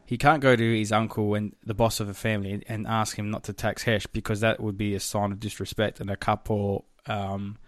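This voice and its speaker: A man's voice: on the low side, flat delivery, brisk, few pauses, dry recording, studio quality. A man co-hosting a podcast, recapping a TV episode in rambling casual chat, swearing freely. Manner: rambling and profane, with filler words. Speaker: podcast co-host.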